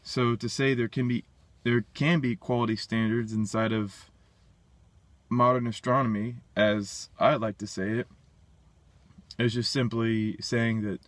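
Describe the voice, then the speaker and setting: An independent science commentator with a lowish voice talks alone in a casual, blunt, dismissive monologue, thinking aloud and restarting sentences while burping. The recording is dry.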